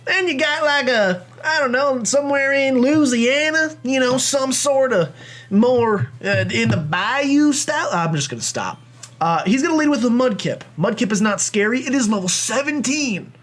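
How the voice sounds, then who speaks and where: Chatty young man with a high voice. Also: lively intonation, moderate pace, fairly bright tone. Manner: chatty, rambling, self-deprecating. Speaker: let's play host. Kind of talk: game commentary.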